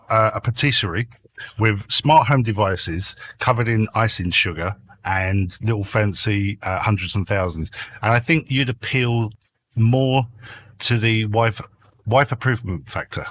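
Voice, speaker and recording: A man's voice: lowish voice, measured pace, a bit bright. A man guest on a casual podcast, chatty and jokey, breathing a little heavily into a noise-cancelled mic. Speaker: guest YouTuber. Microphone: headset mic with noise cancelling.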